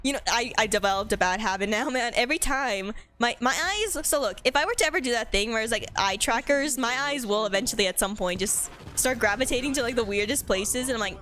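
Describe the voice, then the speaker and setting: A woman's voice: a little high, lively intonation, fairly quick, hardly any pauses, fairly bright tone. A woman streaming a game, chatting casually with giggly, rambling trash talk. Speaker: gaming streamer. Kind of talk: casual live-stream chat.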